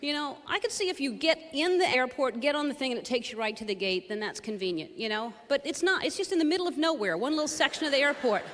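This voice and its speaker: A woman's voice: high voice, animated, quick pace, few pauses, fairly bright tone, in a large hall. Wry observational woman comic. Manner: wry, questioning observational delivery. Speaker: stand-up comedian. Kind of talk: stand-up observational comedy.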